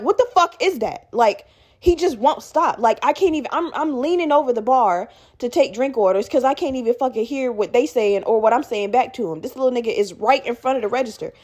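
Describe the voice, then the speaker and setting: A young woman hosting a podcast, telling a story casually with lots of swearing and acting out other people in raised voices. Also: a little high. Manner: animated, profane, acts out quoted people in raised voices. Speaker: podcast host.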